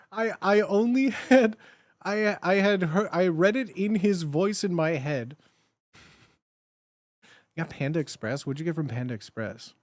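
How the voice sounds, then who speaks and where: A young man talks loosely to his chat, circling back and correcting himself as he goes. His voice runs a little high, and the sound is close and dry. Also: expressive, a little slow, long pauses, darkish tone, dry recording. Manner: rambling, lots of fillers and self-corrections. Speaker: live streamer reading chat. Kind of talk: casual chat.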